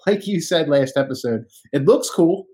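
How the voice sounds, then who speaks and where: A man's voice: on the high side, expressive, moderate pace, darkish tone. A man co-hosting a casual sports podcast, talking in an opinionated, conversational way with frequent fillers. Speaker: podcast co-host.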